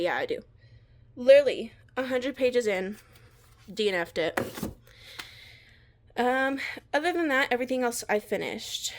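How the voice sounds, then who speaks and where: A young woman chats casually about her reading. She rambles and fills her talk with fillers. She is recorded on a phone at home beside her bookshelf. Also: medium pitch. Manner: rambling, filler-heavy, chatty. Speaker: book vlogger. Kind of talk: casual vlog chat.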